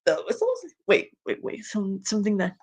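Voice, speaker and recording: A woman's voice: mid-range voice, wildly swooping pitch, brisk, slightly rough. An outspoken woman with a Spanish accent, streaming and chatting loosely as she comments on fan fiction. Her talk wanders, full of ums, likes and restarted sentences. She voices her views bluntly and with plain exasperation. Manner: rambling, with many fillers and restarts. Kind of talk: casual rambling commentary while reading fan fiction.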